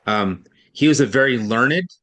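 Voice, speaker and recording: Over an online session, a man tutors a student in reading, explaining each step patiently while thinking aloud and frequently correcting himself. His medium-pitched voice is animated, unhurried, bright, and forceful.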